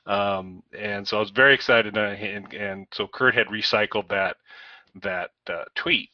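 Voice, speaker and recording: Man, low voice, rambling casual podcast chat, lots of uhs, dry dull sound from a bit off-mic. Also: unhurried, dry recording. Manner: rambling anecdotes with frequent fillers and chuckles. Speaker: podcast co-host. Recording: dull lo-fi, slightly distant mic.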